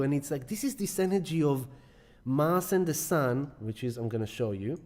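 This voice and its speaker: A man's voice: fairly high pitch, animated, moderate pace, darkish tone. A man hosting a live astrology stream, talking casually and affectionately, greeting viewers by name and rambling with restarts. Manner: rambling, with many restarts and repeated words.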